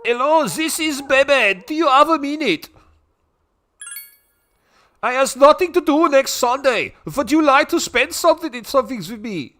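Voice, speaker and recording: A man voicing an eager young male foreign student on the phone, in halting, slightly broken English. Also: very high voice, expressive, sharp tone, pitched above the performer's own voice, heavily acted. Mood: hopeful.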